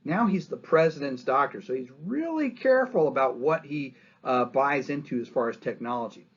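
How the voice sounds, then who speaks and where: A man giving a history lecture as a lively story, acting out quotes and often asking "right?". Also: medium pitch, moderate pace, muffled recording.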